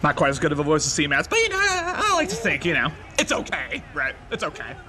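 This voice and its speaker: Excitable young man calling game plays. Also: a little high, fast talker. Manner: excitable, bursts into loud shouts on big plays. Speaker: game commentator. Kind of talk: casual play-by-play commentary of a video game. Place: library. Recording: noisy background.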